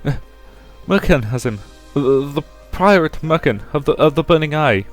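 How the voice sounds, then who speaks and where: A man's voice: on the high side, expressive, normal speed, soft background music, pitched above the performer's own voice, lightly acted. A man voicing a cowardly male slave seller who stammers and whines as he begs for his life. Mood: nervous. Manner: stammering, whiny.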